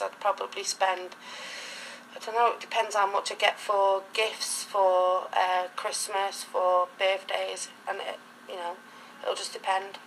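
A woman's voice: medium pitch, a bit bright, slight background noise, rough recording. A middle-aged woman talking casually in an interview, rambling through anecdotes in a chatty way. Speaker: interviewee, reborn doll collector.

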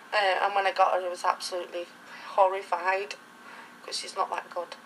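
Middle-aged woman chatting away in an interview, rambly storyteller, medium pitched voice. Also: level tone, moderate pace, fairly bright tone, a little hiss or hum, rough recording. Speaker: interviewee, reborn doll collector. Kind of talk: casual documentary interview.

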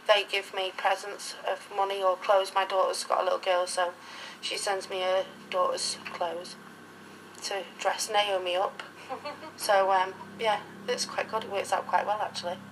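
Middle-aged woman chatting away in an interview, rambly storyteller, medium pitched voice. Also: flat delivery, unhurried, a bit bright, slight background noise, poor audio. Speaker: interviewee, reborn doll collector. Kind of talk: casual documentary interview.

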